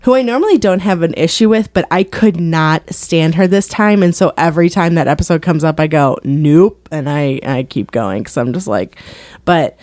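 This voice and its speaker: A woman's voice: low voice, moderate pace, a little mellow, dry recording, clean studio sound. A woman chatting casually about TV shows, full of filler words and laughter. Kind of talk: casual chat.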